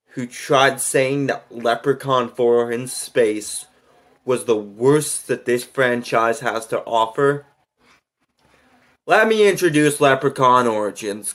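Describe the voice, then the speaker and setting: A man reviewing a movie in a profane, exasperated rant, his pitch sitting in an ordinary middle range. He talks slowly and drags his words out between outbursts of swearing.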